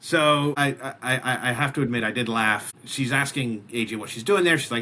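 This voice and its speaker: A man's voice: medium pitch, normal speed, hardly any pauses, pushed and bright, breathy edge. A man hosting a casual wrestling recap podcast, talking animatedly and often restarting his sentences. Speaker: wrestling show recap host.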